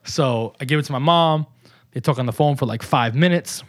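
A man in his thirties with a New York accent, telling a long personal story as a guest in a casual chat, animated and salty. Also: medium pitch, brisk. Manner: animated, profane, acts out quoted voices. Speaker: podcast guest.

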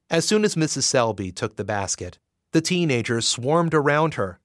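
A man narrating a romance audiobook in an expressive, measured way. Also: mid-range voice, no room sound, studio quality.

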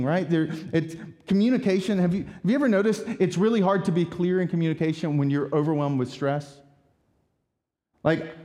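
High-voiced pastor preaching in a reverberant hall. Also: male voice. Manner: conversational, animated with rhetorical asides. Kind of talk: sermon.

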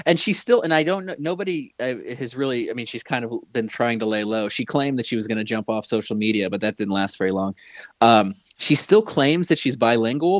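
A man's voice: medium pitch, no echo. Dry-sounding man in casual gossip chat. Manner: rambling, gossipy, frequent restarts.

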